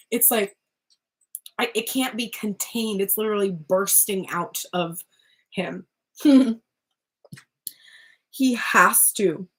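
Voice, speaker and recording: With a mid-range, slightly rough voice, a tarot reader gives a casual spoken reading. She's chatty and rambling, frequently stopping mid-sentence to laugh and peppering her talk with "like."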